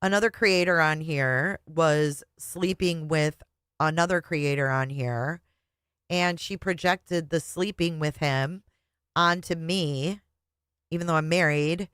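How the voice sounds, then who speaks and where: A woman's voice: low voice, slow pace, fairly bright tone, clear, resonant tone, no echo, clean studio sound. A middle-aged woman hosting a live stream, reading chat comments and talking bluntly, with plenty of swearing. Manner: blunt and profane, chatty.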